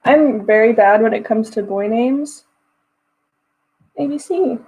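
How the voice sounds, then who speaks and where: Young woman, streamer host; high-ish mellow voice, giggly and chatty, loose filler-heavy delivery, home desk mic. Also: takes it slowly, breathy edge, rough recording. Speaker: writing livestream host. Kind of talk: casual livestream chat reading comments.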